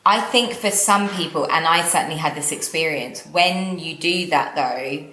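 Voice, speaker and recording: A woman's voice: low voice, normal speed, pushed and bright, reverberant. A woman co-hosting a podcast, reflective and teasing, laughing easily. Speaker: podcast co-host. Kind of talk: casual conversational podcast chat.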